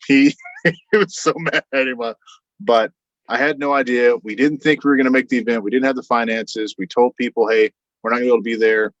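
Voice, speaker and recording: A man's voice: fairly quick, dry recording. A man telling a long anecdote as a guest, in a casual, rambling way, acting out what others said. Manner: rambling, animated retelling with quoted voices and frequent fillers. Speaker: podcast guest. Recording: dull, dry low-fidelity sound.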